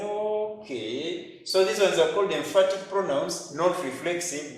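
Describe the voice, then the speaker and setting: A Ugandan man teaching an English grammar lesson, speaking slowly and emphatically and repeating each example sentence. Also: fairly high pitch. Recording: very echoey room, faint noise.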